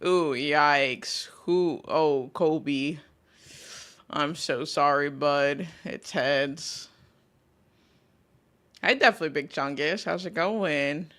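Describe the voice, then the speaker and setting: A woman's voice: low voice, slow, pauses often, fairly bright tone. A woman VTuber host chatting casually with her live chat, talking through a sore throat as she comes down sick, swearing freely as she greets viewers. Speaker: VTuber streamer.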